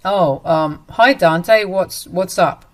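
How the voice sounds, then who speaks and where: A woman reading as a cruel young husband caught in his lies, dismissive and stammering. The voice sits a little low. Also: slow. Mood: defensive.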